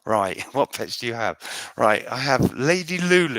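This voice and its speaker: A man's voice: mid-range voice, sing-song, moderate pace, a bit bright, no echo. A man from the United Kingdom answering viewer questions in a casual live stream at home, chatty and rambling, often restarting his sentences.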